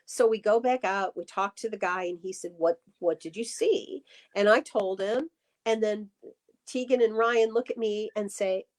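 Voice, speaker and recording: A woman guest on a live chat stream, telling stories in an animated, restarting way. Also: mid-range voice, normal speed. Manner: animated storyteller, many restarts.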